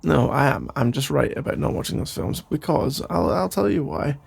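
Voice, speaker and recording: A man voicing a caring boyfriend who rambles playfully in a soft sleepy voice, in a whispered role-play. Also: on the high side, expressive, normal speed, creaky, slightly rough, exaggerated voice. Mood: teasing. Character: caring, rambling boyfriend putting partner to bed. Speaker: ASMR role-play creator.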